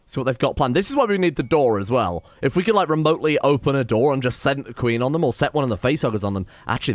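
Excitable man narrating gameplay. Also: mid-range voice, no room sound. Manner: excitable, swears, talks to his colonists. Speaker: gaming channel host. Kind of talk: casual let's-play commentary.

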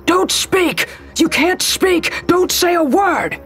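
A woman voicing an unstable, tormented man holding a knife, who talks breathlessly and stutters, veering between whispers and howled shouts, in an audio drama. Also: on the low side, animated, measured pace, vocal fry, soft background music, exaggerated voice. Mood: shouting.

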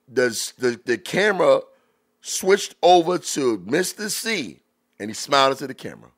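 A man hosting a podcast, reacting to old rap videos in loose, animated talk full of drawn-out exclamations. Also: a little high. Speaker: podcast host. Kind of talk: casual commentary reacting to music videos.

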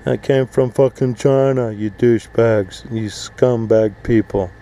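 A man's voice: medium pitch, steady tone, unhurried, dark tone, poor audio. A man ranting angrily to camera outdoors, swearing constantly and mocking people in put-on voices. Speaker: vlogger, full-time RVer. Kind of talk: profane rant to camera. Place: outdoors at an RV park.

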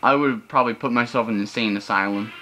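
A man's voice: mid-range voice, fast, low-quality recording. A young man hosting casual gameplay commentary, chatty and loose, breaking into frustrated outbursts. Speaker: gaming channel host. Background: video game music.

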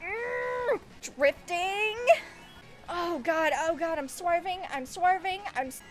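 A young woman streaming a racing game, swearing, laughing and yelling at her opponents as she plays. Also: very high voice, expressive, unhurried, faint music behind. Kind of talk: live gaming commentary.

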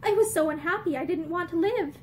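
A woman's voice: darkish tone, a little hiss or hum. A woman reading as a weary, bitter young woman. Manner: low, weary, halting.

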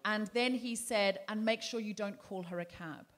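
A woman hosts a live comedy podcast on a theatre stage before an audience, telling a story and acting out other people's lines. Her voice is medium in pitch, a bit bright, and at normal speed.

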